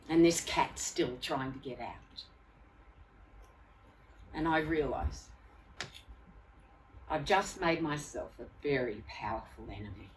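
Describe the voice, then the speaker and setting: A woman speaker telling a personal story live, dramatic and expressive, acting out the scenes she recalls. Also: low voice. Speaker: keynote speaker. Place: live venue. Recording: distant mic, faint room noise.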